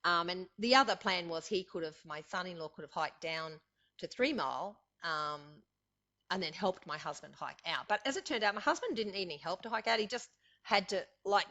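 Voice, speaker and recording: Her voice lowish, bright and forceful, an older Australian guest tells her story at a fairly quick clip. The interview is casual, and she rambles chattily with fillers and lots of laughter, captured on dull lo-fi audio.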